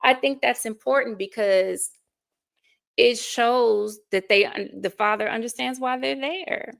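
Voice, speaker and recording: Woman in her 40s, coach on an interview, super gravelly fry voice, tells stories earnestly. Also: a little high, a little slow, fairly bright tone. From United States. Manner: earnest, storytelling, laughs between thoughts. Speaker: life coach, guest. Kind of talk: casual interview conversation.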